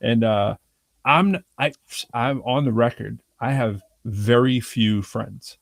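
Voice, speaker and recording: Brief: male host, gravelly, dry close sound, chatty storyteller who acts out every quote. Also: mid-range voice, slow pace, no echo. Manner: chatty, frequent "you know what I'm saying". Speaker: rapper. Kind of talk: casual conversation.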